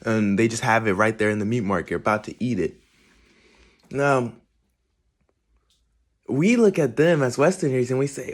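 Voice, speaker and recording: A young man talks straight to camera from his kitchen in a loose, rambling monologue. His voice sits in an ordinary middle pitch, and he swears offhandedly and stumbles over restarts as he works through a thought. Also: moderate pace, pauses often. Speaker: vlogger.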